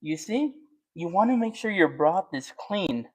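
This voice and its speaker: A man chatting casually while he cooks on camera, thinking out loud and teasing his viewers. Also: sits high, sing-song, measured pace. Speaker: cooking and eating vlogger. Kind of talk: casual chat while cooking.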